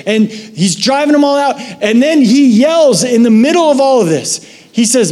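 A man preaching a sermon as a pastor, conversational and animated as he tells a story. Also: very high voice, moderate pace, in a large hall. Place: church sanctuary.

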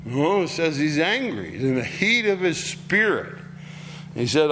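A man's voice: on the high side, very animated, unhurried, a bit bright, a little hiss or hum. A man teaching through a Bible passage verse by verse in a folksy, conversational way, reading scripture aloud and then explaining it.

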